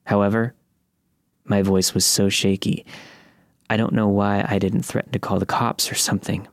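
A man narrating a first-person horror story in a steady, measured reading. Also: on the low side, no room sound, studio quality.

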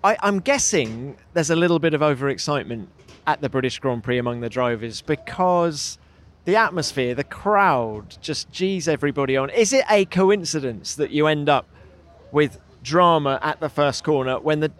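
Man hosting a podcast, raised pitch. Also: lively intonation, moderate pace. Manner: leads the discussion, asks questions. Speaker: host. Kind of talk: casual podcast chat.

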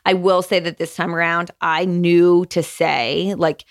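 A young woman hosting her own podcast, chatting candidly and casually, swearing freely and saying "like" a lot, with a gravelly fry in her voice. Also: on the low side, fairly even intonation, measured pace, few pauses. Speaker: podcast host. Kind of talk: casual solo podcast chat.

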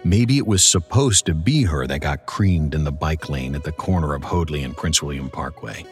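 Deep-voiced man narrating a horror story. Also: lively intonation, faint music behind. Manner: dramatic, measured storytelling delivery.

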